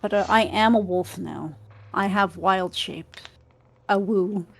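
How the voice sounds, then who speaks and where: A woman's voice: medium pitch, a little slow, gravelly, a bit bright. A woman player in a tabletop game, chatting and describing her character with casual fillers.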